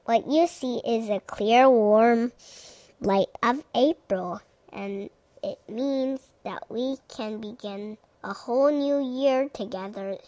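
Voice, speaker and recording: A woman's voice: a little high, takes it slowly, dry recording. Woman doing eager cheerful frog. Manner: excited calling.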